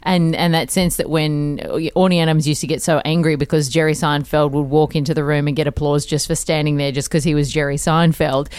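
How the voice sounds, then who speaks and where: A host leads a relaxed chat, laughing along and asking follow-up questions. The voice is smooth and clean, recorded close and dry. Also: medium pitch, dry recording. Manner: chatty, quick to laugh along. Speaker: podcast host. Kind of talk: casual interview chat.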